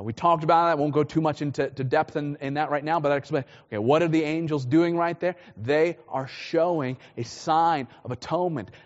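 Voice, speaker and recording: A pastor preaching a sermon, explaining a Bible passage in a loose, conversational way with frequent restarts. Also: male voice, fairly high pitch, in a large hall, lo-fi sound. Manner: conversational preaching, repeats words when restarting.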